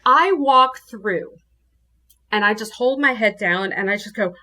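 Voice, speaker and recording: A woman from New Orleans, a guest telling her ghost story in casual, animated talk. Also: mid-range voice, normal speed. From New Orleans, USA. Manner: animated, acts out her own quotes.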